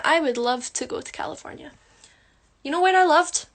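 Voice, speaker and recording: A woman talks into her phone during a casual livestream, her voice sitting high. She is chatty and teasing, joking with her viewers while she does her makeup. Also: normal speed. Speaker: livestream host answering viewer comments. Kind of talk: casual chat.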